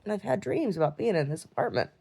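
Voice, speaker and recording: Gravelly woman rambling through a video diary. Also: medium pitch, very animated, fast talker, mellow. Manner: rambling, filler-heavy storytelling with many restarts; acts out quoted lines in a raised voice. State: in chronic pain. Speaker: video diarist. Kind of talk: casual video diary, recounting a dream.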